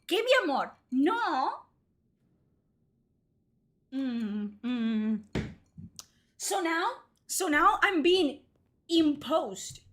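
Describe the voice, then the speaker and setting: Animated high-voiced woman streamer. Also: drawn-out words, pauses often. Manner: exasperated, swears a lot, switches into Spanish. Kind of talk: casual gaming livestream commentary.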